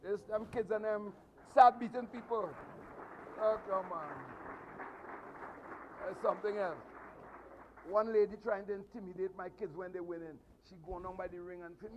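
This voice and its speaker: A middle-aged man with a Trinidadian accent, a martial arts instructor telling travel stories to his students with animated emphasis and repetition. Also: high-pitched, moderate pace, pauses often. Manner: animated, repeats phrases for emphasis. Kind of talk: storytelling speech to students. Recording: slightly dull sound, faint noise.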